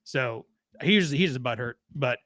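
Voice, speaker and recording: A man's voice: medium pitch, expressive, measured pace, a bit bright, dry recording, studio quality. A man from Texas, co-hosting a podcast and ranting in a casual, profane, joking way about sports. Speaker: podcast co-host.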